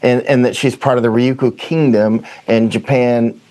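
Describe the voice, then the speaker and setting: A man's voice: medium pitch, fairly even intonation, moderate pace, mellow. A man with a Southern US accent, a guest in an interview, telling stories in a rambling way and often restarting his sentences. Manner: rambling, self-correcting storyteller. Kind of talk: conversational interview.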